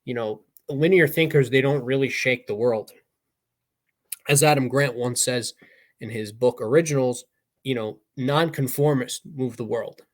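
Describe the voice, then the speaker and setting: A man's voice: medium pitch, measured pace. A young man co-hosting a casual podcast, talking at a loose, rambling clip. He speaks in a mid-range voice and keeps the motivational talk going with plenty of fillers. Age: young adult. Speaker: podcast co-host.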